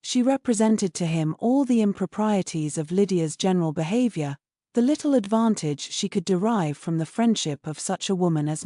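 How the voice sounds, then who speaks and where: A woman narrating a classic novel audiobook in a measured, even manner. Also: medium pitch, no echo, clean studio sound. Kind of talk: scripted narration.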